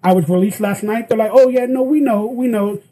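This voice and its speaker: Husky-voiced man telling a story. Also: sits high, a little fast, rough recording. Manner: animated, acts out quoted lines. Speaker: guest actor. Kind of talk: casual storytelling.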